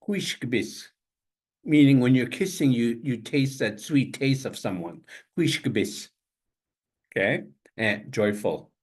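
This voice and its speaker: An older man teaching a language class over a video call, saying each word slowly several times and spelling it out letter by letter. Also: medium pitch, breathy edge. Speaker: language instructor. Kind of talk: online language lesson.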